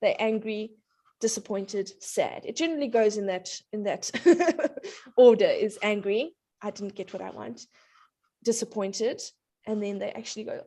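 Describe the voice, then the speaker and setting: A woman in her thirties, a parenting coach on a talk show, tells family stories in a fairly high, lively voice at a normal pace. She's warm and anecdotal, laughing often and acting out her kids' voices in casual chat.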